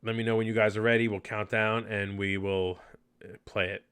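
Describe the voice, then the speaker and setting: A man's voice: fairly low pitch, level tone, normal speed, fairly bright tone, clean tone. A man hosting a casual live podcast, chatty and enthusiastic, rambling with fillers. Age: adult. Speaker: podcast host.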